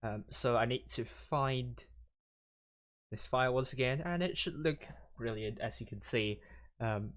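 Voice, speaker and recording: A man casting a live esports stream, talking in a rambling, halting way with frequent fillers and restarts. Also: medium pitch, fairly bright tone. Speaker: stream caster.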